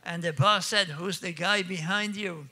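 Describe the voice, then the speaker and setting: An older man with an Acadian French accent tells jokes on stage in a folksy way. His voice sits high and sounds very bright and forward. He laughs at his own punchlines. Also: unhurried. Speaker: storyteller. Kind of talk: comic storytelling on stage.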